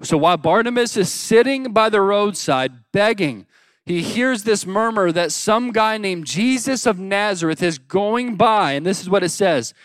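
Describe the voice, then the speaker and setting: High-voiced man preaching with dramatic swings. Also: lively intonation, unhurried, no room sound, studio quality. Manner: dynamic preaching, swings between loud cries and hushed lines; acts out the biblical cries in a pleading shout. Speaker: pastor. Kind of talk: sermon.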